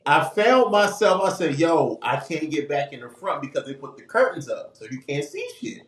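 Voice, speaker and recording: A man, casually telling a long funny story on a podcast, acting out the people he quotes. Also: moderate pace. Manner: lively, acts out quoted voices with big pitch jumps. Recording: echoey room with faint noise.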